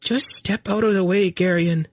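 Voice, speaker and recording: A man voicing an exasperated young pregnant queen who talks slowly and distinctly, as if to someone slow. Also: high voice, lively intonation, dry recording, clean studio sound, voice pushed up. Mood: patiently bossy. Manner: impatient, speaks slowly and distinctly as if to a fool. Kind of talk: audiobook character voice.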